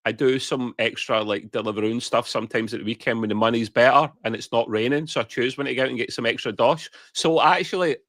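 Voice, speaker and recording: A man's voice: mid-range voice, quick pace, hardly any pauses, fairly bright tone, no echo, studio quality. A man from Scotland with a Scottish accent, co-hosting a casual podcast and chatting away, hedging his answers and laughing them off. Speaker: podcast co-host. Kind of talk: casual chat.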